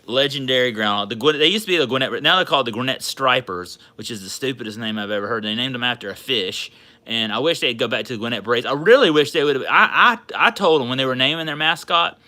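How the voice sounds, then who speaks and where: A man from Georgia with a Southern accent, hosting a casual sports card livestream and rambling excitedly to his chat. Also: medium pitch, fast talker. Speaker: sports card channel host.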